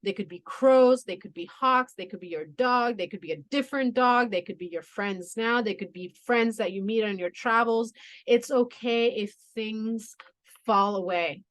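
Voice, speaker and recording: A woman's voice: on the high side, normal speed. A woman doing a spiritual tarot reading, talking in a soothing, reassuring way with many "you know" and "okay" asides. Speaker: tarot reader.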